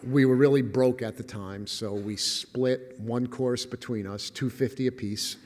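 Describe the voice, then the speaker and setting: A man's voice: mid-range voice, steady tone, unhurried, darkish tone, slight background noise. An older man giving a humorous storytelling lecture as guest speaker, wry and self-deprecating, chuckling at his own lines. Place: lecture hall. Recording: echoey lecture hall.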